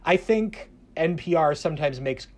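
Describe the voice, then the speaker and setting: Man, Southern-raised, slightly higher voice, hesitant, restarts often, conversational panel guest. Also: expressive, moderate pace, a little mellow. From American South. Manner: hesitant, many restarts and fillers. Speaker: public radio journalist guest. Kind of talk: casual panel discussion.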